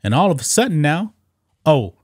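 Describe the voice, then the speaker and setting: A man's voice: a little high, big pitch swings, moderate pace, husky, dry recording, clean studio sound. A man hosting casual political commentary, mocking and talking straight to his viewers. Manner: mocking, addresses viewers as guys.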